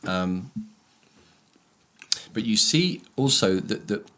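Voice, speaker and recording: A man's voice: lowish voice, expressive, fairly bright tone. A man, a church leader reflecting on a Sunday sermon in casual chat. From England, Brighton. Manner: reflective, explaining with slow emphasis.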